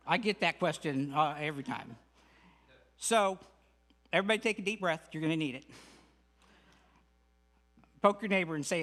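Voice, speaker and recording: A man's voice: a little high, normal speed, pauses often, a bit bright. A middle-aged man gives an earnest, folksy spiritual lecture with humorous asides as a guest speaker at a spiritual center.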